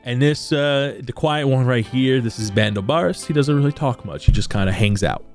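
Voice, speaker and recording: A man's voice: mid-range voice, lively intonation, normal speed, soft background music. Laid-back game master man. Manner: laughs often, loose and rambling. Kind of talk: narrating a tabletop game.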